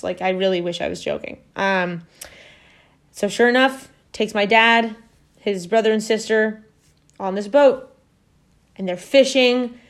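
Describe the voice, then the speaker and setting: A woman chats at home on her podcast and tells a family story in a loose, meandering way. She stops to correct herself and fills pauses with ums. Her pitch sits in the middle range for a woman. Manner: rambling, full of fillers and self-corrections. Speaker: podcast host. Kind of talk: casual storytelling.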